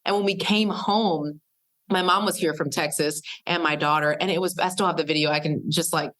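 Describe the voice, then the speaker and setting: Lively woman guest, low-pitched storyteller. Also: a little fast. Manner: lively, uses voices for quoted people. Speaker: podcast guest. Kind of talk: animated storytelling in casual conversation.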